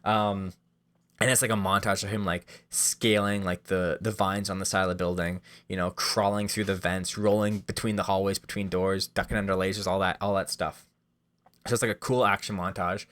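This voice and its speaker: A man casually pitching comedy sketch ideas in a rambling, self-deprecating way, full of fillers. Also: a bit bright. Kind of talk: casual monologue.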